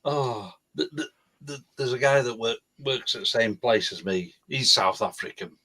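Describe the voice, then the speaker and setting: A man's voice: mid-range voice, normal speed, bright, forceful tone. A man chatting on a live stream, restarting sentences and joking crudely. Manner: stammering restarts, crude humour. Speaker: podcast co-host. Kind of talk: casual live-stream chat.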